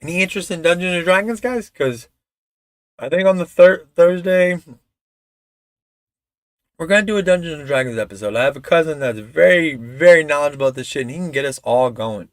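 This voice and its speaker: A man's voice: fairly high pitch, animated, brisk, no echo. Loose, profane male streamer with a slightly raised voice; dry, close recording. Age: adult father of a toddler. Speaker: live streamer. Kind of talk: casual live-stream chat.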